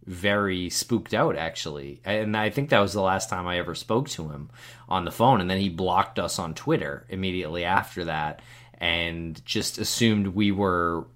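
A man co-hosting a podcast who speaks in a measured, calm way. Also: sits low. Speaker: podcast co-host. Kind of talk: casual discussion.

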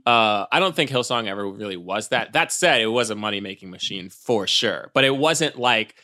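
A man's voice: lowish voice, expressive, bright, forceful tone. A man talking casually as a podcast guest, stopping and restarting often. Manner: halting, many restarts and "like"s. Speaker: podcast guest, former church member.

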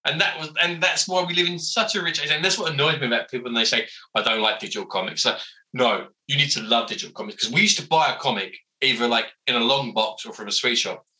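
Bright-voiced man telling stories. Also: medium pitch, fast, low-quality recording. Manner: animated, self-mocking anecdotes with many fillers. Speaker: comic book writer and guest. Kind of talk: casual interview storytelling.

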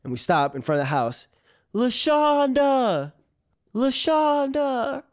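A man, a comedian, telling a personal story on stage in an animated way, often laughing and imitating a cat's meows. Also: mid-range voice, fast. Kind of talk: live storytelling.

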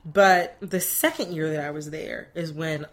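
A young woman speaks with a lowish voice in animated, friendly conversation. She talks readily and laughs easily. The talk is loose and unscripted. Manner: animated, chatty, quick to laugh. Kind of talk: casual conversation.

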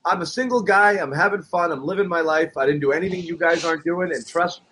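A middle-aged man co-hosting a casual sports podcast, telling stories with lively acted-out quotes. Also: on the high side, fast, a little hiss or hum. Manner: animated storyteller, acts out quotes. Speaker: podcast co-host.

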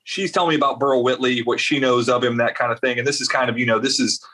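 This interview guest, a veterans advocate from South Carolina, talks fast in a mid-range voice. His long story wanders, animated and thick with fillers and asides.

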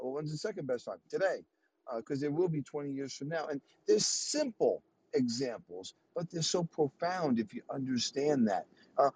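A man speaks in an emphatic coaching manner, driving points home by repeating them. His voice is husky and dark-toned. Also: a little high, animated, moderate pace. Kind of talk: motivational casual talk.

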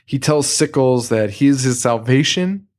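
A man's voice: medium pitch, animated, normal speed, darkish tone. Male podcast co-host, mid-range voice, loose and jokey recap delivery with frequent laughter. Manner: joking, swearing, laughs often. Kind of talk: casual chat recapping a horror episode.

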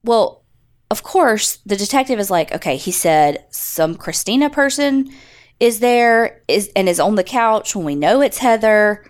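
A woman's voice: mid-range voice, animated, unhurried. Casual swearing woman podcast host. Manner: casual, swears freely, acts out quotes. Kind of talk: casual storytelling.

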